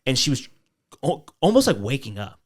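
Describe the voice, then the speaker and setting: A man's voice: mid-range voice, huge pitch swings, normal speed. A young man co-hosting a podcast, telling a story in casual chat with loose fillers and quoted voices. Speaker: podcast co-host.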